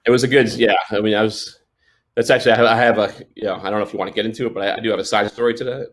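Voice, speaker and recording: A man's voice: on the low side, fairly even intonation, very fast. A man in his forties, a sports photojournalist, telling stories in a casual interview, rambling with restarts and fillers and laughing often. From New York.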